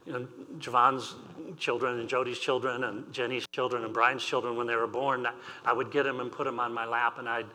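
A man's voice: medium pitch, little pitch movement, brisk, hardly any pauses, pushed and bright, a little hiss or hum. An older man preaching a sermon as pastor, reading scripture and telling personal stories with light humor. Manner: reads scripture aloud then tells personal stories with humor. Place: church sanctuary. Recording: long reverb in a large hall.

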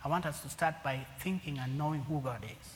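A man with a fairly high voice preaches a sermon to his congregation. He swings from loud, emphatic lines down to near-whispers. The hall rings with a long echo under a faint hum of noise. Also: a little fast.

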